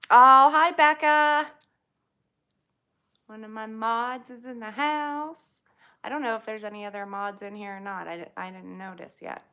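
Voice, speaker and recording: A woman's voice: on the high side, a little slow, pushed and bright. A woman, chatting casually with livestream viewers, greeting them by name and laughing often. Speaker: livestream host.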